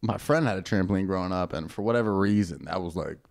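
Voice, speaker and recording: A man's voice: sits low, fast talker, vocal fry. A young man co-hosting a comedy podcast, telling stories in a laid-back way and slipping into silly voices. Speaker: podcast co-host. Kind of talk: casual comedic chat.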